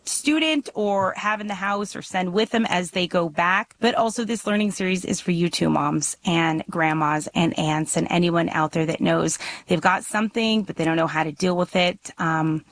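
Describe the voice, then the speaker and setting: A woman hosting a faith talk show, speaking to her audience in an animated way. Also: on the low side, moderate pace, hardly any pauses. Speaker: host.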